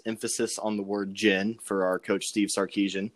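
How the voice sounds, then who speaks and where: Young man, low voice, podcast co-host, casual betting chat, joking, lots of ums. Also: fairly even intonation, a little slow. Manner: joking, rambling with many ums and uhs.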